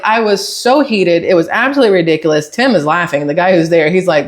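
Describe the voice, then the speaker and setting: A woman hosting her own channel, telling a casual story in an animated, exasperated way and acting out both sides of a phone call. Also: on the low side, fast, few pauses. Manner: animated, exasperated retelling with acted-out quotes. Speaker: channel host.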